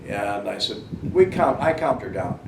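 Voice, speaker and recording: Older man, rambling storyteller, lowish voice, echoey room, distant mic, noisy background. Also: very animated, normal speed, vocal fry. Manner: rambling, many fillers and restarts. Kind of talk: casual storytelling monologue. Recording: roomy and noisy, far from the mic.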